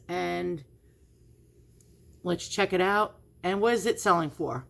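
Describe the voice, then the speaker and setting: A woman's voice: fairly low pitch, measured pace, creaky. A woman with a New York accent hosting an antiques vlog, chatting casually and rambling with plenty of fillers. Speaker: antiques vlogger. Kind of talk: casual screen-share commentary.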